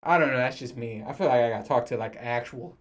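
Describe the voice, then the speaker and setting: Here a podcast host in his thirties talks fast in a medium-pitched voice, ranting casually by himself to the camera. Expect plenty of cursing, joking and laughter.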